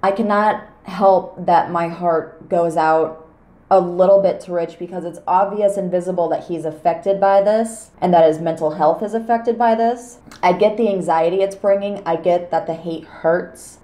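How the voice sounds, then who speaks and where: A woman speaks in a low, mellow voice, calm and firm as she delivers a pointed commentary. She talks in an echoey room. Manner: measured, firm, pointed, with swearing. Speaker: commentary YouTuber. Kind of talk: scripted commentary monologue.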